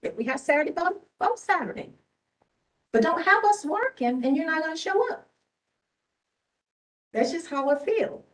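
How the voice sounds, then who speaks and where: A woman's voice: very high voice, sing-song, normal speed, pauses often, recorded from a distance, poor audio. A tired woman, an elections official giving impassioned, repetitive, scolding remarks at a public board meeting. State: tired and emotional. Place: government meeting room.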